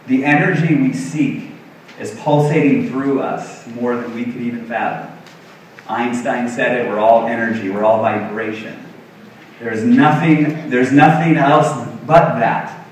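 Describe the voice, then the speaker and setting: A man's voice: medium pitch, moderate pace, slight background noise. Middle-aged male health coach, self-deprecating stage talk, big reverberant hall, distant mic. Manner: earnest, self-deprecating, acts out quotes. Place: large expo hall stage.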